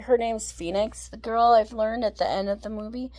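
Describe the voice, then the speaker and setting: A woman's voice: mid-range voice, steady tone, normal speed, few pauses, mellow. A woman vlogger chatting casually and rambling through a film's plot, full of fillers and restarts, acting out the characters' lines. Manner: rambling, many fillers and restarts, acts out quotes. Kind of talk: casual chat recapping a film.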